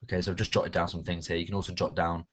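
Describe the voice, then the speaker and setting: A male primary school teacher, giving a recorded lesson in a clear, encouraging way and reading a poem aloud with strong stress on its words. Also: sits low, little pitch movement, rapid-fire.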